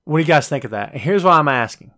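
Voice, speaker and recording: A man hosting a casual wrestling talk show, chatty and jokey, talking straight to live viewers and tossing in quick high-pitched voices when he quotes wrestlers. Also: expressive, bright, forceful tone. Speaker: podcast host.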